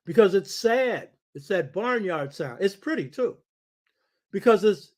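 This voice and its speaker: A man's voice: sits high, a bit bright. An older man hosting a talk show, lecturing in a preaching cadence and often calling out to his listeners for agreement. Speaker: show host. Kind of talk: lecture-style radio talk.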